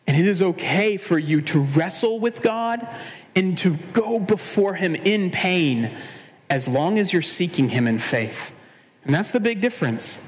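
High-voiced man preaching in echoing hall. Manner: earnest, measured preaching with slowed emphatic phrases. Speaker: pastor. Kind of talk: sermon.

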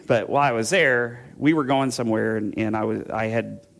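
Gravelly and steady at a medium pitch, a man preaches at normal speed in a relaxed, conversational way. His storytelling drifts through personal tales, thick with fillers, restarts, and self-interruptions, until he brings in scripture.

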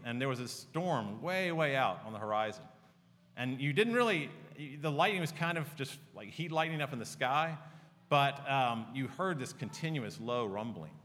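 Guy preaching a sermon, earnest and chatty, bright forceful voice, long echo from a big church hall. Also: a little high. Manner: earnest, conversational, with personal stories. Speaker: pastor. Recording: long reverb of a large hall.

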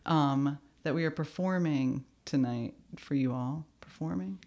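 A woman co-hosting a podcast speaks at an unhurried pace in loose, casual chat. She laughs easily and leans into quoted passages with relish. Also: deep voice, warm tone. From United States. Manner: chatty, laughs often, reads quotes aloud with emphasis. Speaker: podcast co-host.

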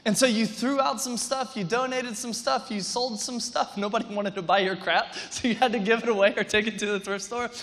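A man preaching a sermon to a congregation, energetic and rambling, with restarts and playful asides. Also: high-pitched, a little fast, few pauses. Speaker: pastor. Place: large church hall before a congregation. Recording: long reverb of a large hall.

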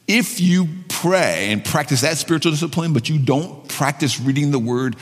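A man's voice: a little high, big-room sound. A male pastor preaching a sermon in a conversational way, repeating phrases and restarting sentences.

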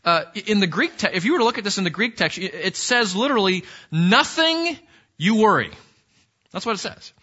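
A man's voice: high-pitched, lively intonation, fast, few pauses, pushed and bright, husky, dull audio. A man preaching a sermon in an earnest, conversational way, often restarting his sentences. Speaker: pastor.

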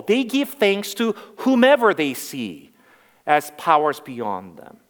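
A man in his forties preaching a sermon as pastor, earnest and emphatic, repeating key phrases. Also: high-pitched. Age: 40s. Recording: reverberant hall.

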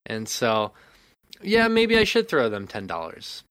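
A man's voice: mid-range voice, huge pitch swings, measured pace, fairly bright tone, clear, resonant tone. A man co-hosting a casual gaming podcast, speaking in an emphatic, opinionated rant. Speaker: podcast co-host.

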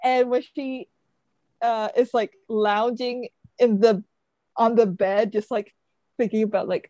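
A woman's voice: fairly high pitch, takes it slowly, dark tone, no echo. A woman podcast co-host retelling a book plot in casual chat, full of "like" and "sort of" fillers. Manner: chatty, frequent fillers like "sort of" and "like".

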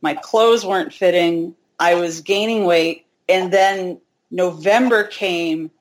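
A woman's voice: lowish voice, slow, poor audio. A woman in her forties, a hiker, telling a personal story in a candid, chatty way with self-deprecating humor. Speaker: interview guest, hiker.

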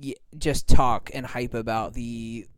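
A man chatting casually as a podcast co-host. He often stops and restarts his sentences. He keeps a mid-range pitch. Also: little pitch movement, slow pace, clean tone. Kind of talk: casual group chat.

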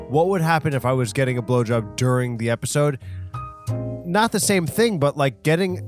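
A man hosting his own podcast alone, rambling in a casual, crude, self-deprecating way with lots of fillers and restarts. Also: a little high. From half Hispanic. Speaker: podcast host.

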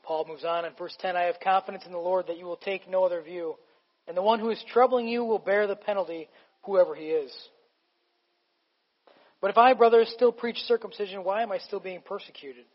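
A male pastor with a high voice, preaching emphatically in a relaxed, conversational way. His voice carries the long reverb of a large hall. The recording sounds a little muffled. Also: brisk. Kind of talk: sermon.

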